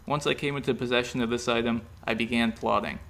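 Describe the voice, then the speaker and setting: A man's voice: medium pitch, steady tone, fast, a bit bright, lightly acted. A man reading a story aloud, voicing a nonchalant young man who speaks in an offhand, shrugging way.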